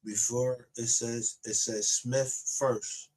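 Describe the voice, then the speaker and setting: A man's voice: mid-range voice, level tone, slow, heavy background noise. A man ranting aggressively on a livestream, confrontational and full of profanity. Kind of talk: angry livestream rant.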